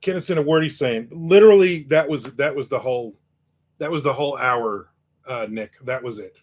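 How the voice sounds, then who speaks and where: Joking male livestream host. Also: mid-range voice. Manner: joking, quick asides. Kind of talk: casual livestream chat reading viewer comments.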